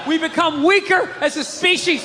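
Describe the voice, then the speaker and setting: A man doing a stand-up routine on stage, ranting and shouting with lots of profanity. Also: very high voice, normal speed, big-room sound. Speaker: stand-up comedian. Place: comedy stage with live audience. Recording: live crowd audio with noise.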